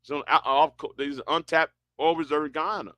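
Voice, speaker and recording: A man's voice: fairly high pitch, steady tone, fairly quick, pushed and bright, dry recording. A man chatting casually and rambling, often stumbling and restarting his words, with a broad sound. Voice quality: stammering, many restarts. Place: Houston, Texas.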